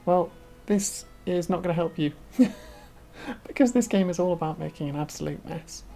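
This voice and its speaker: A woman's voice: on the low side, lively intonation, normal speed, mellow. A woman VTuber giving casual, chatty commentary as she plays a game, talking to herself and laughing. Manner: chatty, talks to herself while playing, laughs often. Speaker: VTuber streamer.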